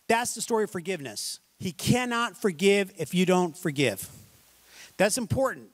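A man's voice: high-pitched, brisk. A man preaching a sermon as pastor, emphatic and folksy, repeating words for stress.

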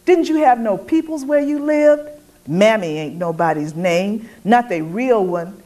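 A woman's voice: medium pitch, expressive, unhurried, dark tone, voice pushed up, close to an everyday voice. A woman voicing a fierce, defiant young enslaved woman who taunts and grieves in dialect. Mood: taunting.

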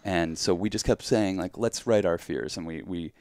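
A male podcast host with a deep, smooth voice talks in a loose, laid-back manner. The recording is close and dry, with no room sound. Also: moderate pace, darkish tone, dry recording. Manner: laid-back, reacts with short interjections. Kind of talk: casual chat.

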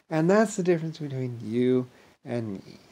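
This male vlogger goes on a rambling, grandiose rant, mostly in a low mumble punctuated by sudden loud bursts, mocking others with blah-blah voices.

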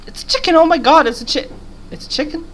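A woman's voice: sits high, lively intonation, normal speed, a little hiss or hum. A young woman giving casual, giggly commentary while playing a game, rambling and talking to the character on screen. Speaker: gaming YouTuber.

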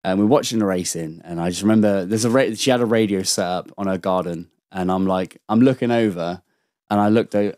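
Low-voiced man telling a rambling story. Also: a little fast, a little mellow, dry recording, studio quality. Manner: rambling anecdotal storytelling, lots of swearing and restarts. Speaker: podcast guest. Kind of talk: casual chat.

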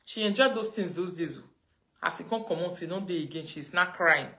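A Nigerian woman ranting on a livestream, mocking and scolding, her voice swinging between loud outbursts and low mutters. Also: fairly quick. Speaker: livestream host. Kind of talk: casual livestream rant.

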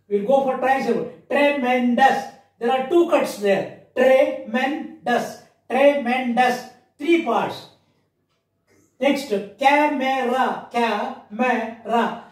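A man teaching an English grammar lesson with an Indian English accent, slowly repeating words and spelling them out letter by letter. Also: very high-pitched, a little mellow. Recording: echoey room, mic far off.

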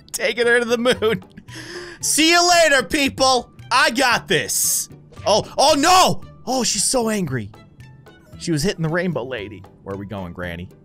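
A man giving jokey let's-play commentary, swinging between shrieks and deadpan asides. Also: sits high, measured pace, faint music behind. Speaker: gaming YouTuber.

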